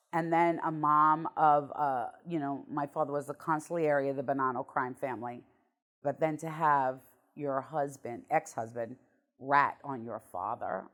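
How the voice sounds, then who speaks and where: A woman's voice: low voice, measured pace, fairly bright tone. A middle-aged woman, a guest on an interview show, telling her life story bluntly and emotionally, with some swearing.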